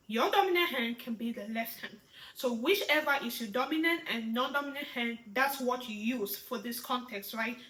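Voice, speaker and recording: A woman teaching a beginners' sign language lesson, pregnant and expressive. Her voice is high and bright. She keeps checking in with "right?", and the room adds a clear echo. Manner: expressive, often asks "right?". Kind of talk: instructional lesson.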